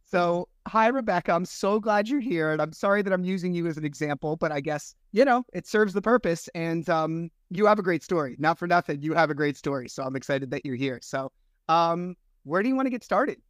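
Podcast host, male, slightly high voice, chatty and animated, dry close sound. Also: a little fast, dry recording. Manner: chatty, animated storyteller with fillers. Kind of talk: casual podcast chat.

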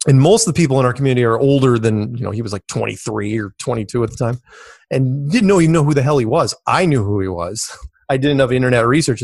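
A man's voice: fast talker, darkish tone, no echo. Rambling middle-aged man, dry close mic. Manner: rambling, repeats words, jumps to high pitch in quotes. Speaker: interview guest. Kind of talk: casual storytelling.

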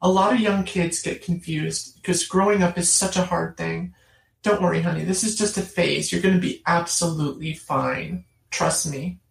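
A woman voicing her gentle mother, a nurse, soft and reassuring. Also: medium pitch, moderate pace, lightly acted. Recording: roomy, distant mic.

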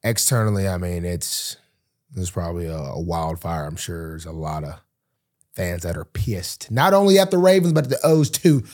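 A young man, a pro football player co-hosting a podcast, talking in a relaxed, rambling way with many fillers and restarts. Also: low voice, normal speed. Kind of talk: casual chat.

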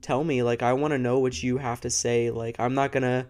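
A man's voice: medium pitch, little pitch movement, brisk, a little mellow. Emotional young man talking to camera. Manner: emotional, earnest, laughs often. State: emotional and sick. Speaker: true crime podcast host. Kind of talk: casual chat to camera. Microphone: close studio microphone.

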